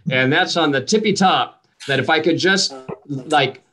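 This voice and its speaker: A man's voice: fairly high pitch, unhurried, pushed and bright. A middle-aged man hosting a comedy show over a video call, chatty and rambling, with wry self-deprecating asides. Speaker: show host. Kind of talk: casual hosting banter.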